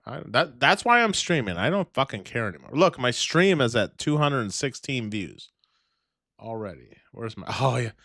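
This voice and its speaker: A man hosting a livestream, his talk loose, profane and rambling, with laughs scattered between remarks. His pitch swings widely up and down as he goes. The sound is dry and close, with almost no room around it. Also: bright, forceful tone, dry recording. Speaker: livestream host. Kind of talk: casual livestream chat.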